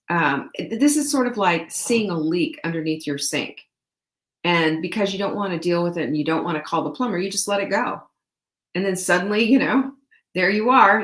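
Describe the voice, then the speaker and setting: A woman hosts a live-stream show from a noticeably echoey room. Her voice sits a little low for a woman. She speaks earnestly and with emphasis, greets viewers by name, and often restarts her sentences with small laughs. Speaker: show host.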